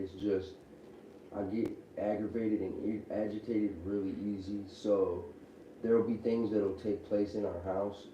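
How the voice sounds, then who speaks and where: A man's voice: sits low, dark tone. A man in his thirties on parole, talking casually and loosely about his family, full of filler words. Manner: loose, rambling with many likes. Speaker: former inmate on parole. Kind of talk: casual candid chat. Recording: muffled echoey room audio from a distance, faint hiss.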